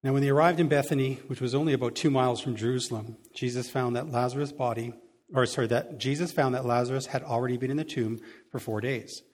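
A man's voice: mid-range voice, steady tone, fast talker, darkish tone. A man preaching a sermon, reading a Bible passage and adding casual, chuckling asides. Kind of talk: sermon reading scripture with commentary.

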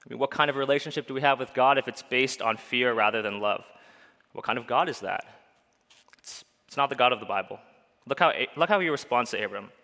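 A man's voice: medium pitch, a little fast, pushed and bright. A man preaching a sermon as pastor, earnest, putting many questions to the listeners. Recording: long hall reverb.

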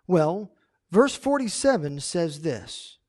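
High-voiced animated preacher man. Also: slow. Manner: animated, acts out the story characters in paraphrase. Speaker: pastor. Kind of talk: sermon.

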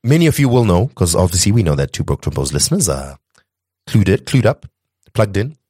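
An excitable man from Zimbabwe co-hosting a podcast, his low voice running on with restarts and asides. The sound is dry and close, with no room around it. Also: fairly quick, breathy edge, no echo. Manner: enthusiastic, rambling with restarts. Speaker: podcast co-host. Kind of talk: casual podcast chat.

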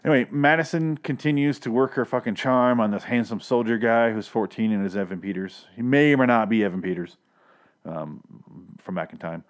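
Here a podcast host runs through a TV episode from home in a mid-range voice at a slightly quick clip. His talk is profane, meandering, and self-deprecating, with plosives popping on his home mic.

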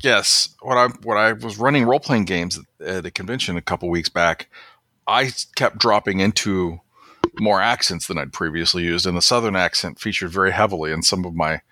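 A man's voice: deep voice, brisk, sharp tone, no echo, clean studio sound. A man hosting a casual podcast chat about movies, rambling with many fillers and restarts. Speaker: podcast host.

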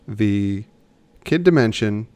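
A man's voice: on the low side, animated, takes it slowly, a little mellow, smooth, no room sound. A man co-hosting a podcast in casual chat, rambling and often restarting his sentences. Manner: chatty, rambling, self-correcting. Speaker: podcast co-host.

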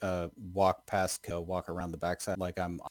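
A man playing a tabletop game, stammering and excitable. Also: low-pitched, moderate pace. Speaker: player. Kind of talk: tabletop role-play.

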